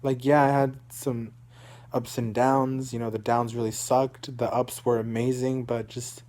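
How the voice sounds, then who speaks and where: A man's voice: medium pitch, level tone, measured pace, darkish tone. A young man from Dallas, Texas, telling a personal story in a rambling, emotional way, repeating himself and swearing. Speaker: vlogger.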